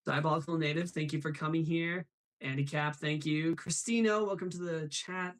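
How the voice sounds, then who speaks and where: A man's voice: on the high side, fairly even intonation, normal speed, fairly bright tone. A young man hosting a casual live stream, laughing often and reading chat messages aloud. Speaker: host of a live show.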